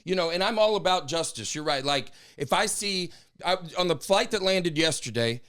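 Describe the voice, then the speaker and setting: Brief: male comedian guest with a regional accent, a fairly high voice for a man, punchy and aggressive-sounding storytelling that swings between loud bursts and mumbled asides. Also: expressive, normal speed, smooth. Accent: regional accent of his own. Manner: acts out quoted lines with big swings in pitch and loudness; calls his own tone aggressive. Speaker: stand-up comedian, podcast guest. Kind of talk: animated comic storytelling.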